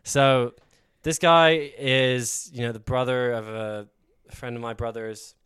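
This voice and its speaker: A young man co-hosting a podcast, talking in halting casual chat full of fillers. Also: mid-range voice, fairly even intonation, a bit bright, smooth.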